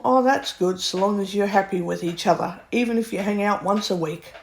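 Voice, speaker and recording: A woman's voice: medium pitch, a little fast, hardly any pauses. Blunt, exasperated woman ranting. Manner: blunt, exasperated, swears freely; repetitive, circles back over points. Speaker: vlogger. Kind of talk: ranting monologue.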